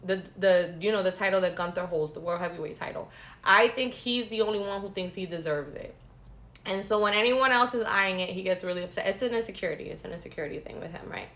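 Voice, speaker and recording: A woman talking casually and gossipily as a vlogger, animated and repeating phrases for emphasis, with sarcastic asides. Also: mid-range voice, quick pace. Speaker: wrestling recap vlogger. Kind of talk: casual chat.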